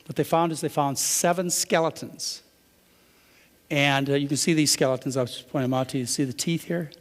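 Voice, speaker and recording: A man's voice: on the high side, steady tone, normal speed, big-room sound. A man giving a conversational lecture to a live audience, often asking them rhetorical questions.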